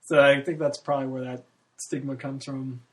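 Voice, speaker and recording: A man's voice: medium pitch, level tone, normal speed. A man in his early thirties, rambling candidly in a casual monologue, swearing freely and laughing often. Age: 30s. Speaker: podcast host.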